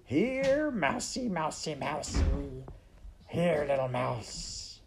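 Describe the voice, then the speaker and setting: A man doing a high sing-song rat pack. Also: very animated, very slow, vocal fry, over music, heavily acted. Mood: taunting. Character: gleeful, hungry pack of rats.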